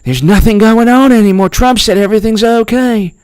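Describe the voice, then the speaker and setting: Man doing a high, folksy Southern yokel. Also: fairly quick, darkish tone, clean tone, dry recording, natural voice. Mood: mocking. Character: folksy Southern Trump supporter caricature, gullible.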